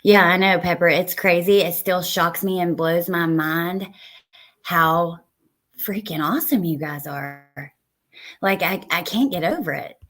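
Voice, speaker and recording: A woman hosting a casual live stream, reading viewer comments aloud. She swears heatedly at people in her chat and then thanks her chatters warmly. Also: lowish voice, measured pace.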